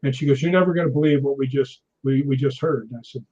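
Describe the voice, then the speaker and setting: A middle-aged man telling a ghost story in a casual interview, animated, often tagging his lines with "right?". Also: mid-range voice, fast. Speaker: guest. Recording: dull lo-fi audio.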